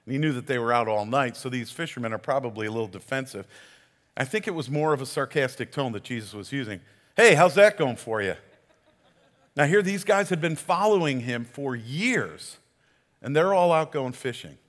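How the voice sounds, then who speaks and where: Conversational pastor preaching in a reverberant hall. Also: male voice, mid-range voice, animated, brisk. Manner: conversational storytelling with frequent restarts. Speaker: community pastor. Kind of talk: sermon.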